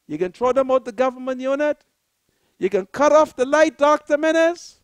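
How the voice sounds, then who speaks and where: A Bahamian woman hosting a political talk show, giving an impassioned monologue in a preacherly way that rises to shouted appeals. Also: high-pitched, animated, normal speed, dry recording. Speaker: political commentator, show host.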